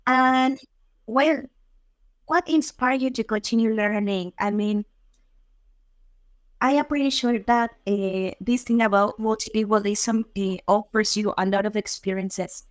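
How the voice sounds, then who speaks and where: A woman's voice: medium pitch, measured pace, no room sound. A woman interviewing a guest, talking hesitantly and saying "I mean" a lot. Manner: hesitant, many "I mean" fillers. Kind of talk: casual interview conversation.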